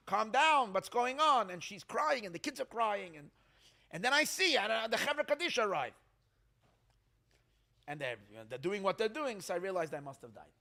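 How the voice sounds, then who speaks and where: A man's voice: sits high, creaky, pushed and bright, pitched above the performer's own voice, heavily acted. A man voicing the ghost of a poor young teacher who tells his own story in an earnest, heartfelt way. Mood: distressed. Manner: heartfelt, earnest first-person telling.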